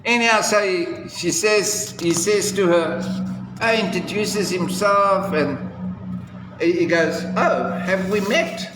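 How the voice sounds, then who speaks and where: A man's voice: high-pitched, takes it slowly, noisy background. A man telling a fairy tale casually, with chatty asides and playful sound effects. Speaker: storyteller. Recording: echoey hall with faint ambience.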